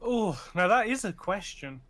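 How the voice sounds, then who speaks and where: A man's voice: high voice, expressive, normal speed, a bit bright. A middle-aged man from England, a guest streamer chatting casually and joking about his own silly accents. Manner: jokey, playful with silly accents. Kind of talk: casual podcast chat.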